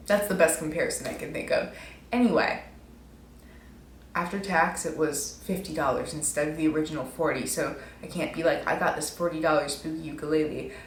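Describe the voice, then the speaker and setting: Her voice is deep and fairly quick, recorded in an echoey room with slight background noise. This young woman in her twenties rambles through stories on her vlog, poking fun at herself and leaning heavily on "like."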